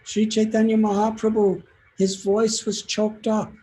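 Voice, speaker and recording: A man's voice: sits high, monotone, unhurried, dark tone, rough recording. A man telling a devotional story as a sermon, in an earnest and heartfelt way. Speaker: spiritual teacher giving a talk.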